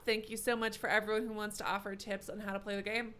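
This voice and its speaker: A young adult woman live streaming a video game, chatting casually with sarcastic, animated rants. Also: mid-range voice, fast. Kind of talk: casual chat while gaming.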